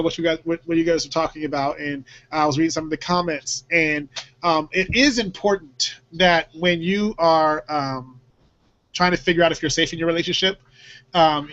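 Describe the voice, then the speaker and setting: A man's voice: fairly high pitch, fairly even intonation, normal speed, fairly bright tone. A man hosting a casual talk show, rambling with many fillers and frequent laughs. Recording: dull lo-fi audio.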